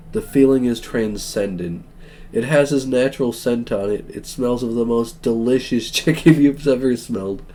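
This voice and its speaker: A young male streamer reads a dating game aloud, jumping into excited asides and laughter at the script. His voice is mellow and mid-pitched, with faint music in the background. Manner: animated, joking and gushing, reads game text aloud. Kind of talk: let's-play narration.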